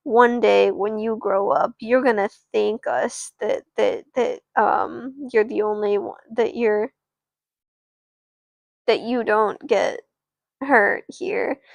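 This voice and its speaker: A woman's voice: on the high side, fairly even intonation, takes it slowly, vocal fry, no room sound. A woman voicing a cold, stern mother who scolds her daughter in a doll-play story.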